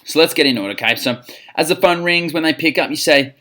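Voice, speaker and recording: A man's voice: on the high side, fast talker, pushed and bright. An Australian man coaching gym staff on phone sales, upbeat, acting out both sides of the calls. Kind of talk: instructional talk on phone sales.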